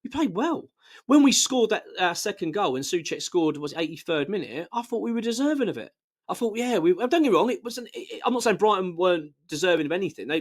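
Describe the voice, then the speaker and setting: Passionate man, fairly high voice. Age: adult, married. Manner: passionate and blunt, with frequent restarts. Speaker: fan channel host. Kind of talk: casual football fan commentary.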